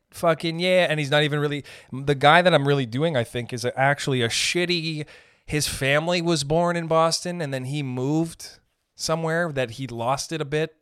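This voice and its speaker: A man hosting a podcast, ranting in a rambling, profane, comedic way and slipping into quick character voices. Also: mid-range voice, fairly bright tone, clean tone, no echo, studio quality. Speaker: podcast host. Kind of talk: casual comedic rant.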